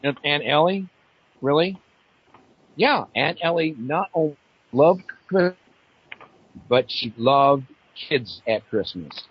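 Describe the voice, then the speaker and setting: Lively, animated male radio storyteller. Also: a little high, slow pace, pauses often, husky. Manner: animated storyteller, acts out voices in his stories. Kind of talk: casual storytelling on an internet radio show. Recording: dull lo-fi online radio audio.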